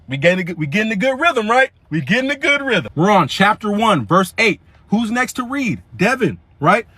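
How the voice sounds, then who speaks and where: A young man telling a comedic story in an animated, slangy, rambling way, often restarting his sentences. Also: sits high, no echo.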